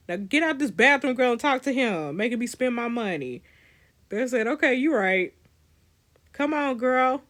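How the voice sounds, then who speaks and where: A woman, reading a story game's dialogue aloud and reacting, animated and laughing often, with teasing asides to her viewers. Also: a little high. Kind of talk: reading choices-game dialogue with live reactions.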